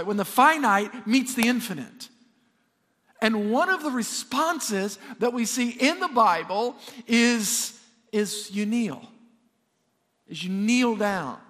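A man's voice: high voice, expressive, takes it slowly, a bit bright. A male pastor preaching a sermon to a live congregation. He stumbles and repeats words as he builds toward each point, and he calls out questions to the room. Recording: long hall reverb.

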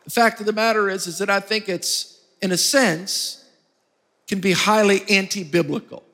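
In a large hall, a male pastor from the United States delivers a sermon in call-and-response style, urging the congregation to reply. He is high-pitched, bright and forceful, speaking at a moderate pace.

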